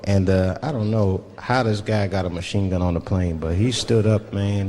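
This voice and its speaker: A man's voice: fairly low pitch, normal speed, few pauses, crowd noise. A male stand-up comedian telling loose stories on stage, breaking into voiced asides. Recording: live stage with loud audience laughter.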